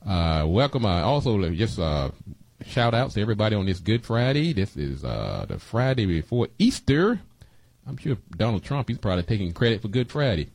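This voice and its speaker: A man's voice: lowish voice, very animated, moderate pace, darkish tone, dry recording. Folksy male talk-radio host. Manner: folksy, preachy, repeats phone numbers. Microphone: studio microphone.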